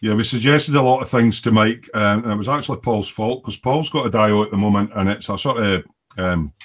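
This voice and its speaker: A man's voice: on the low side, fairly quick. A man hosting a casual model-making hangout over a video call, teasing his friends and reading out viewer comments.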